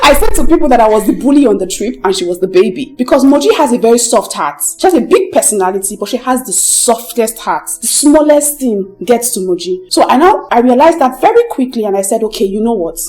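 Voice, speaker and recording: Lively high-voiced woman. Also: quick pace, hardly any pauses, faint music behind, poor audio. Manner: animated storyteller, laughs often. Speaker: co-host, friend. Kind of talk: casual chat.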